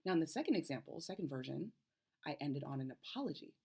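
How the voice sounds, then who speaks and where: A woman's voice: deep voice, expressive, quick pace, creaky, mellow, breathy edge. A woman health coach in her thirties, explaining advice to camera and checking in with the viewer with a frequent "okay?".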